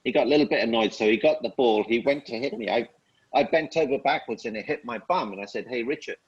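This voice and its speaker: A man as an interview guest, telling upbeat stories and giving slow, emphatic life advice. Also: mid-range voice, husky, lo-fi sound. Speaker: guest speaker. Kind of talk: casual interview chat.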